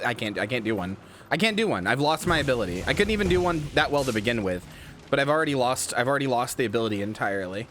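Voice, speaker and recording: A man's voice: mid-range voice, lively intonation, quick pace, fairly bright tone, a little hiss or hum. A man chatting casually to his live-stream viewers while he plays a game, rambling, swearing freely and laughing at himself.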